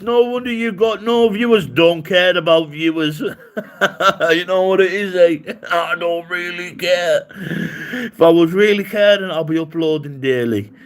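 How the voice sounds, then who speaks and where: A man's voice: on the high side, poor audio. Mocking man ranting on stream. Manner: mocking, rambling and profane, often laughing. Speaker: livestreamer. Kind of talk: casual livestream rant.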